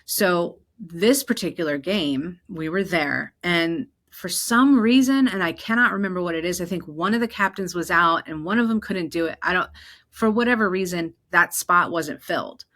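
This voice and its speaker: A woman from New Jersey hosting her own podcast, telling personal stories in an animated way and acting out the voices of the people in them. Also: lowish voice, normal speed. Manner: animated, acts out quoted voices. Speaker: podcast host. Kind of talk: personal storytelling.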